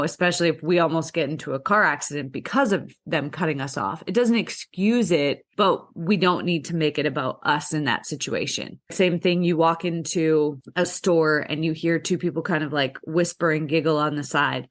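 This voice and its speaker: A woman's voice: low-pitched, normal speed. A young woman, a podcast guest, explaining things in an earnest, conversational way and acting out people's inner voices.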